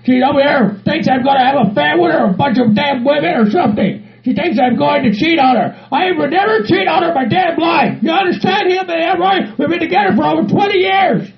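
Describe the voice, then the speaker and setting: A man voicing a loud, hot-tempered middle-aged hillbilly who shouts and curses nonstop. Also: very high-pitched, fairly quick, gravelly, hardly any pauses. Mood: furious ranting. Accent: Southern US put on. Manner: shouting, cursing, ranting. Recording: muffled recording with crowd noise.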